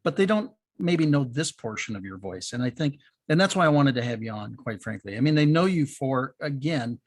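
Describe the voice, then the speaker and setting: A man hosting a podcast, warmly affirming his guest before asking his next question. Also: medium pitch, animated, a little fast, no room sound. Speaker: podcast host. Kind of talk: interview chat.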